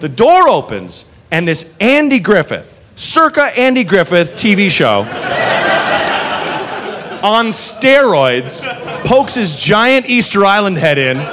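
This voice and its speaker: Male stand-up, high and expressive, profane storyteller. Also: slow, noisy background. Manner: animated, profane, swings into character voices. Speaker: comedian.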